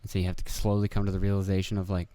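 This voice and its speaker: A man's voice: sits low, monotone, very fast, mellow, dry recording. A young man hosting a casual solo podcast, rambling and swearing, laughing at himself and acting out quoted voices. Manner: rambling, profane, self-deprecating, acts out quotes. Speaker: podcast host. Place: indoor room with video camera.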